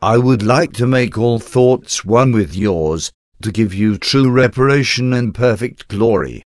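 A man's voice: mid-range voice, measured pace, dry recording, clean studio sound. A man reading a devotional meditation aloud as a solemn, intimate prayer addressed to Jesus. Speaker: devotional reader.

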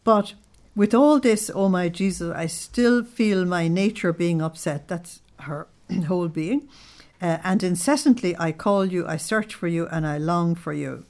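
Woman study leader, somewhat low voice, emphatic devotional reading, slows to stress words. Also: a little mellow. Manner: asks listeners to check their understanding. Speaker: religious study group leader. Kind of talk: devotional teaching with readings aloud.

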